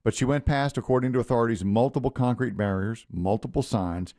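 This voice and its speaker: A man co-hosting a morning radio show, speaking in a measured, conversational way in casual banter, with dry asides. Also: medium pitch, dark tone, dry recording.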